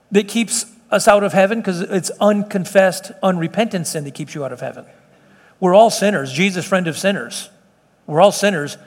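Preaching in a church meeting room, a middle-aged pastor speaks in a voice that sits high, followed by a long reverberant tail. His sermon is earnest and conversational, punctuated by frequent sentence restarts.

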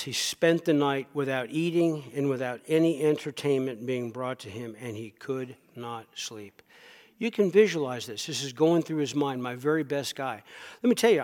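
A man's voice: fairly high pitch, big-room sound. A man preaching a sermon, retelling a scripture story with emphatic asides to his listeners. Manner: emphatic storytelling, talks directly to the congregation.

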